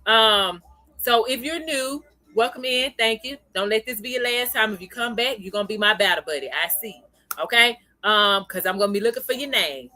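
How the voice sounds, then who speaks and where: A woman hosts a casual livestream and speaks. Her voice is bright and sits a touch high. She greets her viewers by name as she chats and laughs easily. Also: lively intonation, moderate pace, no room sound. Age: adult, parent of a young child. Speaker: livestream host.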